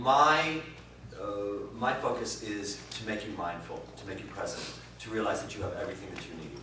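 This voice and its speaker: A man teaching improv, answering interview questions in an animated way, swearing and swinging from quiet musing to loud bursts. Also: on the low side, fairly quick. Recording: distant roomy recording with faint noise.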